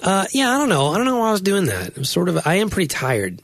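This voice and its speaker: A man with a slightly husky voice co-hosts a relaxed conversation. He is self-deprecating and laughs often, recorded dry and close with no room sound. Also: sits high, fast, no echo. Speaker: podcast co-host. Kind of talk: casual chat.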